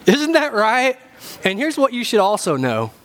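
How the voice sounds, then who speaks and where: High-voiced man preaching a lively sermon. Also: takes it slowly. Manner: animated, humorous preaching with rising emphasis. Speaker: pastor. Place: church.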